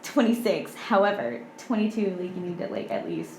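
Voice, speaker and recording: A young woman in her twenties, a podcast guest chatting casually and softly, with lots of "like". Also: mid-range voice, lively intonation, fairly quick, reverberant, soft background music, poor audio. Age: 20s. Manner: soft-spoken, heavy use of "like". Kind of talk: casual chat.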